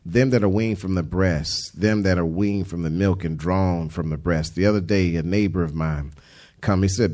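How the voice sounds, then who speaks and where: A man preaching a sermon in a folksy, colloquial way that swells into loud, emphatic passages. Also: low-pitched, moderate pace. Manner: colloquial, with repeated words and restarts.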